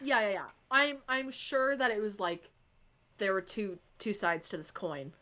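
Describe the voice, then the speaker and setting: A woman's voice: mid-range voice, lively intonation, unhurried, sharp tone. A young woman co-hosting a casual book podcast, reading passages aloud and reacting with exasperated sighs. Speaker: podcast co-host. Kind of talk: casual book club chat.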